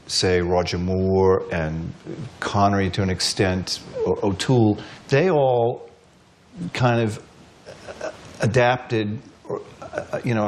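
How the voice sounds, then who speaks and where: A man's voice: fairly low pitch, a little hiss or hum. A man interviewing a guest, asking questions hesitantly with many restarts.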